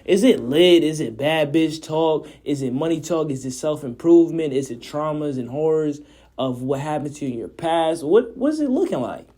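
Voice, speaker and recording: An interviewer asking questions in a relaxed, playful way during a casual interview. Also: mid-range voice, moderate pace.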